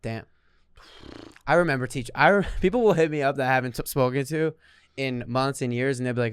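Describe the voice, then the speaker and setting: A man's voice: medium pitch, brisk, clear, resonant tone, no room sound, clean studio sound. A young man co-hosting a casual podcast, replying in an easygoing, agreeable way. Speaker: podcast co-host. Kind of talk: casual chat.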